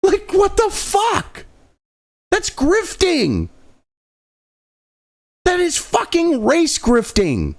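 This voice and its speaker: A man's voice: very high-pitched, wildly swooping pitch, very slow, long pauses. A man from New England ranting angrily about politics, swearing constantly and dripping with sarcasm. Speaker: political commentary host. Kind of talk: profane political rant.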